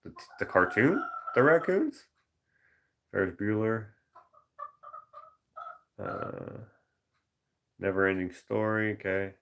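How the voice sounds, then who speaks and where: A man painter chatting casually on a live stream, musing aloud over viewer suggestions and slipping into quick movie-quote voices. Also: low voice, creaky, fairly bright tone. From Canada.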